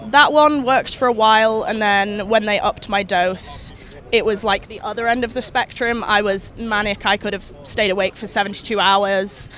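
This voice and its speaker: Young woman, candid interviewee, middle pitch, outdoors in a park. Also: steady tone, moderate pace, a bit bright. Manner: frank, matter-of-fact. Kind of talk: casual chat.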